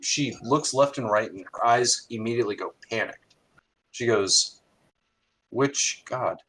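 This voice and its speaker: A man's voice: medium pitch, moderate pace, bright, forceful tone, slightly rough, low-quality recording. A man running a tabletop game as game master, narrating loosely with fillers.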